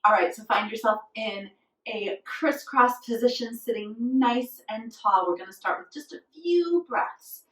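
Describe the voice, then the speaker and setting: A woman with a slightly high voice guides children through a yoga class, unhurried and encouraging. She is recorded in an echoey room from a little way back from the mic. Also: recorded from a distance. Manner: slow, gentle, encouraging instructions with playful animal noises. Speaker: kids' yoga teacher.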